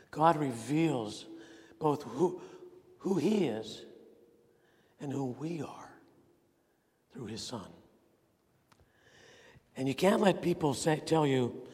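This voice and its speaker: A man preaching a sermon with earnest emphasis, swinging between ringing points and quiet, intense asides. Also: mid-range voice, lively intonation, takes it slowly, long pauses. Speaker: pastor. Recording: long reverb of a large hall.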